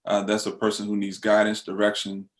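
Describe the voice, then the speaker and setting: Low-voiced man speaking haltingly. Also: completely flat delivery. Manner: thoughtful, halting with many fillers. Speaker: panelist. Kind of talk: panel discussion.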